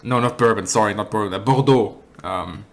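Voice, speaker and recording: A German-accented man fields chat questions on a live stream from his apartment, meandering, correcting himself and keeping a dry humour. He speaks fairly quickly in a lowish voice.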